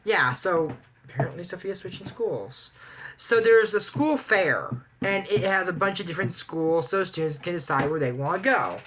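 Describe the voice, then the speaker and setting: A man's voice: high-pitched, expressive, normal speed, a bit bright. A young man from Amarillo, Texas, chatting casually as he reviews a cartoon episode. He rambles and adds apologetic asides. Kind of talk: casual commentary.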